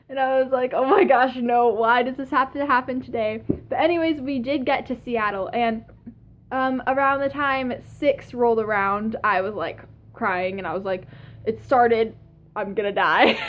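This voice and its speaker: A young woman telling a story in a casual vlog, excited and gushing, with many fillers and laughs. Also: sits high. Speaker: fan.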